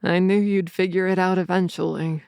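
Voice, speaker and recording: In an audiobook, a woman voices a protective, blunt young male werewolf, pitching a little lower and sounding earnest and steady. She speaks at a moderate pace with vocal fry and a clean tone, in studio quality with no room sound.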